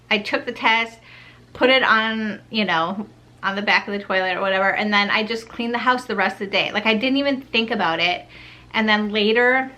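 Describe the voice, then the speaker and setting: A woman in her thirties shares personal stories with her viewers in a casual, heartfelt vlog. Her voice is bright and forward. She talks earnestly and loosely, filling her sentences with "like.". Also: mid-range voice. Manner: earnest, heartfelt, chatty with many "like"s. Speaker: faith vlogger. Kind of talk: personal storytelling to camera.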